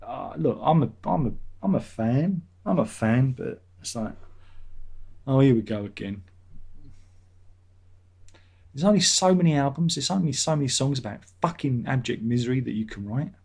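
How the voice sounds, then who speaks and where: Guy vlogging, bit husky, just waffles on about stuff. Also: mid-range voice, lively intonation, moderate pace, a little mellow. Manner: chatty, meandering, swears casually. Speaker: vlogger, channel host. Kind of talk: rambling casual chat.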